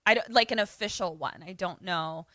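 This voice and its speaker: Podcast co-host, female, lively storyteller who performs character lines; bright tone, dry booth sound. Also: lowish voice, normal speed, no echo. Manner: animated retelling, acting out characters' lines. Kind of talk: casual film recap chat.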